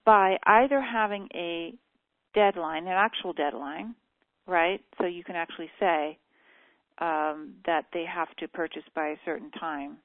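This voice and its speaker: A woman coaching on a group call, frankly critiquing a sales letter with many pauses and fillers. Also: on the low side, dry recording. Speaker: copywriting coach. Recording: tinny dry phone line.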